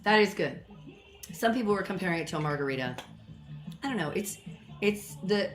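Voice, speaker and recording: A woman's voice: animated, a little fast, faint music behind. Chatty woman hosting a cocktail stream at home. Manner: chatty, rambling, self-deprecating. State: a little out of breath. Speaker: home cocktail show host. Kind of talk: casual live-stream chat. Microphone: built-in mic, not her usual one. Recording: echoey room, lower audio quality.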